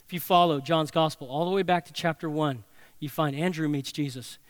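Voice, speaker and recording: Higher-voiced man preaching dramatically. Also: a little fast, dry recording. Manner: dramatic storytelling, swinging between loud and hushed. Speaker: pastor. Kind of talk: sermon.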